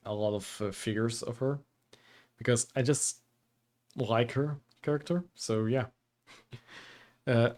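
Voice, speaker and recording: A man's voice: mid-range voice, a little mellow. A man hosting a livestream in casual chat, joking and easygoing. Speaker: livestream host.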